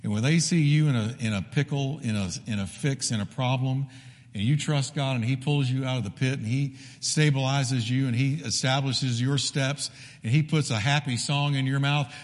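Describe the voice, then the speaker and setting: A man preaching a sermon as pastor, emphatic and repetitive, with sudden drops to a hushed voice. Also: medium pitch. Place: church sanctuary. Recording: long reverb of a large hall.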